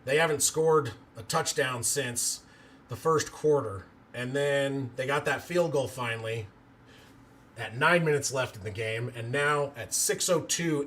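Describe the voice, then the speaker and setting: A man calls a football game live as an amateur, excitable and bursting into loud cheers, and chats with viewers between plays. His voice sits at medium pitch with slight background noise.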